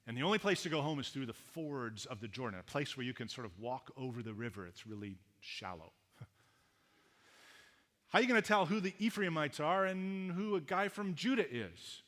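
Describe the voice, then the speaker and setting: Canadian male pastor, mid-pitched, animated storyteller who talks to the kids, echoing church hall. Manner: lively storyteller who speaks to the kids and acts out voices. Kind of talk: sermon. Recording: reverberant hall.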